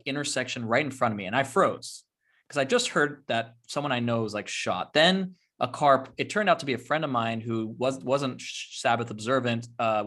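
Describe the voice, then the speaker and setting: A man, a rabbi hosting an interview, telling a story in an earnest, measured way. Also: mid-range voice, fairly bright tone. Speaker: rabbi and podcast host. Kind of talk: conversational interview.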